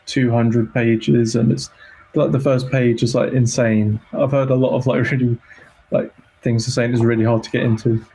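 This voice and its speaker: A man's voice: medium pitch, flat delivery, moderate pace, warm tone, husky, poor audio. A young man guesting on a film podcast, laid-back and peppering his talk with "like". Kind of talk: casual film review chat.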